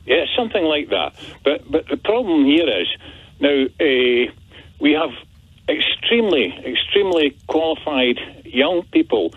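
A man's voice: on the high side, very animated, unhurried, slightly rough, dry recording. Hesitant man on a phone line. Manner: hesitant, filler-heavy, earnest. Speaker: caller. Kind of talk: phone-in call. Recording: dry tinny phone line.

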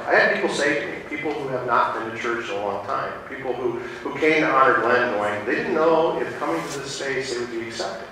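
Bright-voiced pastor in an echoey church. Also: male voice, medium pitch, a little hiss or hum. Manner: rambling, with many fillers and restarts. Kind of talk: sermon with storytelling. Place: church sanctuary. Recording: distant mic in an echoey church.

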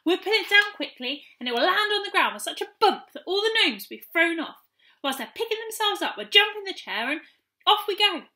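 A woman's voice: very high-pitched, big pitch swings, fairly quick, sharp tone, voice pushed up, heavily acted. A woman voicing a cheerful young male pixie guide in a children's audiobook, with friendly, coaxing speech. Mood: eager.

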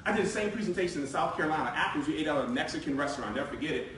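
Male presenter, 40s, lively and joking; bright tense tone, distant mic. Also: a little high, racing, a little hiss or hum. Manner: lively, joking, conversational storyteller. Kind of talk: live sales presentation. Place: meeting room with audience. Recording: very echoey room from far off.

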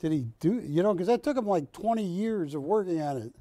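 A man with a high voice hosts a live shopping broadcast, briskly pitching art with no echo. He's joking, animated and chatty, teasing his co-hosts along the way.

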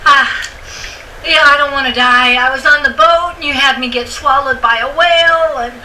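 A woman's voice: sits high, moderate pace, bright, forceful tone, far from the mic, slight background noise, rough recording. A woman putting on the goofy character Wanda for a children's church comedy sketch, wailing, giggling and praying in a panic. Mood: earnest.

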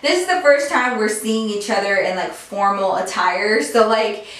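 A young woman telling a story in casual chat, animated and peppered with "like". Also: medium pitch, normal speed. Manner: chatty, animated, heavy use of "like". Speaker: beauty vlogger telling a story. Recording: echoey room, mic far off.

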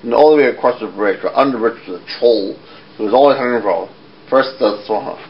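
A man's voice: medium pitch, fairly quick, creaky, highs cut off. A man puppeteer telling fairy tales casually, rambling and restarting his lines. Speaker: puppeteer storyteller. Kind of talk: casual storytelling.

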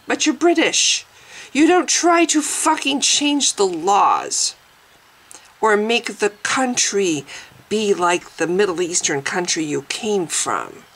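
Woman vlogger, mid-pitched, indignant reaction rant with swearing and halting restarts. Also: a bit bright, low-quality recording.

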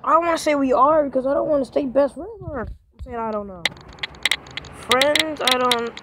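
The voice of a woman reacting animatedly while she reads out the chat lines of a texting game in a playful, casual let's-play. Her voice sits fairly high. It comes through a phone's screen recorder with loud hiss and clicks behind it. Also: moderate pace. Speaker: gamer reading a texting game aloud. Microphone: phone microphone via screen recorder.

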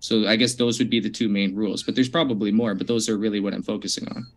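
A man in a debate answering calmly, explaining his position with a casual, slightly hesitant manner. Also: on the low side, fast, slight background noise.

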